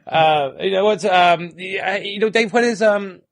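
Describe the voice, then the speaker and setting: A man's voice: high voice, measured pace, no echo. A man co-hosting a podcast, telling stories casually with lots of laughter and swearing. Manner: laughing, swearing, rambling storyteller. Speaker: podcast co-host.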